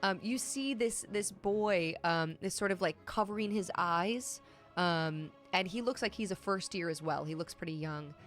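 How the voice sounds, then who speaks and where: A woman's voice: fairly low pitch, normal speed. A young woman narrating as game master of a tabletop game on a stream, casual with lots of filler words. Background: soft background music.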